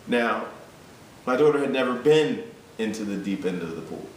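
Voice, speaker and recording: A man gives a motivational talk as a fitness coach, telling a family story and turning it into a lesson with repeated, rising appeals. His voice sits at an ordinary pitch and is heard from a distance in an echoey room, with a steady hum behind him. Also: normal speed. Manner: storytelling, repeats himself, builds to urgent appeals.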